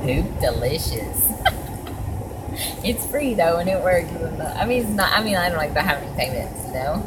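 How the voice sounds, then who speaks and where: A middle-aged woman vlogs from her parked car, talking casually and emotionally, rambling with lots of fillers and restarts. Her voice is on the low side but animated, she talks fast, and the recording is very noisy.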